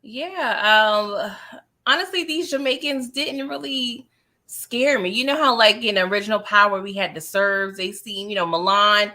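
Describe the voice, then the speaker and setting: A woman co-hosting a live recap stream, giving brief replies and measured opinions in a soft-spoken way. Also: mid-range voice. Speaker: co-host. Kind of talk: casual live recap chat.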